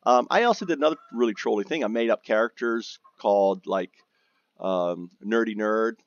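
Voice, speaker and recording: Gravelly, rambling, profane man. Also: lowish voice, normal speed, no echo. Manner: profane, rambling, with frequent restarts and fillers. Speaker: gamer recounting guild drama. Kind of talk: casual rambling storytelling. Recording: dry, dull lo-fi mic.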